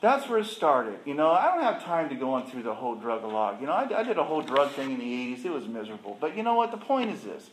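Animated man telling his recovery story. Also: mid-range voice, quick pace, hardly any pauses, slight background noise. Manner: animated, emphatic storytelling with rhetorical questions. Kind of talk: personal recovery testimony. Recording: echoey room.

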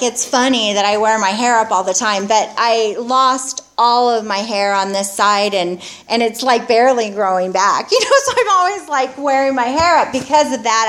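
A middle-aged woman giving a candid, rambling personal testimony about her recovery from alcoholism, talking in a halting, confessional way. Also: on the high side.

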